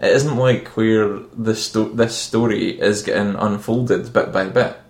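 A man's voice: lowish voice, fairly even intonation, a little slow, a little mellow. A man co-hosting a casual film podcast, wry and bantering, laughing along. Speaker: podcast co-host. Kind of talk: casual film review chat. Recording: roomy echo.

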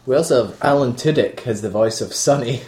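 A man co-hosts a relaxed film podcast in an echoey room. He riffs and teases with a steady middle voice and laughs a lot. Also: mid-range voice, a little fast. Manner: jokey, teasing, laughs often. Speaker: podcast co-host. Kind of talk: casual film review chat. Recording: roomy echo.

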